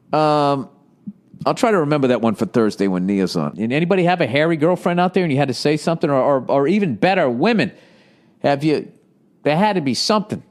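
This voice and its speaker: A man in his forties from the United States talks through a casual comedy podcast. His voice sits a little high for a man. He rambles, swears and sounds exasperated as he riffs. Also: darkish tone. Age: 40s. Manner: rambling, profane and exasperated, riffing off forum posts. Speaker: podcast host.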